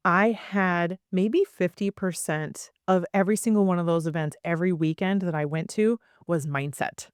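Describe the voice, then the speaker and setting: A woman's voice: fairly low pitch, clear, resonant tone, no room sound, clean studio sound. A woman of around forty, a podcast guest, telling her story with energy and acting out the voices of people she quotes. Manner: acts out quoted voices, fast bursts with many asides. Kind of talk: animated storytelling in a podcast interview.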